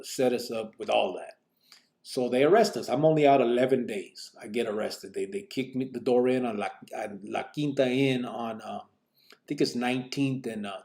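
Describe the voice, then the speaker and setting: Gravelly man telling a street story. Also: mid-range voice, dark tone. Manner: street slang, loose rambling storytelling with many fillers; acts out other people's lines in a raised voice. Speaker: podcast host telling his life story. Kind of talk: casual spoken storytelling.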